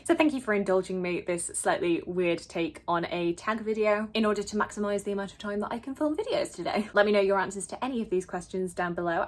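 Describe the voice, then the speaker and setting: A young woman from West Yorkshire chats away at a quick clip, animated and self-deprecating. Her talk runs like a relaxed get-ready-with-me vlog, lively and unscripted. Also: medium pitch. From West Yorkshire, England. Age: 20s. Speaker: vlogger. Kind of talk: casual get-ready-with-me chat.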